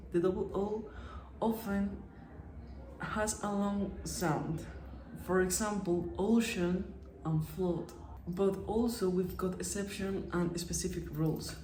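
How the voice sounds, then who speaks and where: A woman's voice: on the low side, mellow, slight background noise. A young woman from Colombia, a native Spanish speaker with a Colombian accent, presenting a class lesson in English and often restarting her words. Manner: halting, frequent restarts on words. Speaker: student presenter. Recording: echoey room.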